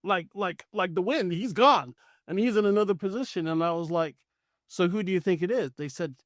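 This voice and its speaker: A man's voice: high voice, a little fast, no room sound, studio quality. A middle-aged man casually telling a personal story on a podcast, acting out the lines of the people in it. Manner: animated storytelling, acting out quoted dialogue. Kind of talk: casual anecdote.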